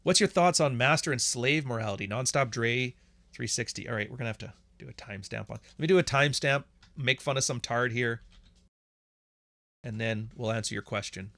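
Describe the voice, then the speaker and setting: A man's voice: mid-range voice, a little fast, vocal fry, pushed and bright, dry recording. A man with a Canadian accent hosting a podcast, chatting casually and reading out questions from chat in a blunt, profane, sarcastic way, laughing often.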